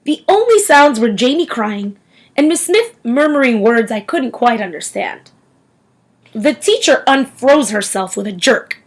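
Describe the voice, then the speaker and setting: A woman reading a novel aloud in an expressive storytelling manner. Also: a little high, unhurried, low-quality recording. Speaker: audiobook reader.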